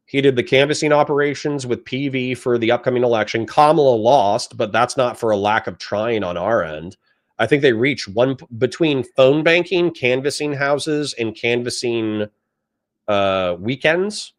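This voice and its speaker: A man on a livestream reading chat comments aloud and answering them in a blunt, profane, lecturing rant. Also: medium pitch.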